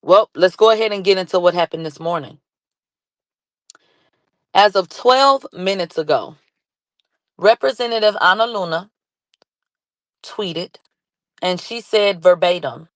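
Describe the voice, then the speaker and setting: A woman giving excited live commentary, reading posts and chat aloud, laughing and shouting in bursts. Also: on the low side, a little slow, long pauses, no room sound. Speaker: commentary vlogger.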